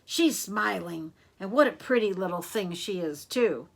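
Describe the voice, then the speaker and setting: A woman voicing a male thief sidekick in a children's storybook reading, bold in tone with a slow, plain delivery. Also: sits high, animated, creaky, exaggerated voice. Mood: blustery. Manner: blustery then quivery.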